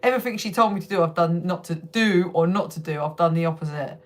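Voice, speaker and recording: Over slight background noise, a young woman from the United Kingdom talks fast in a lowish voice. She's hosting a casual home livestream on her phone, chatting with viewers, laughing frequently and swearing freely.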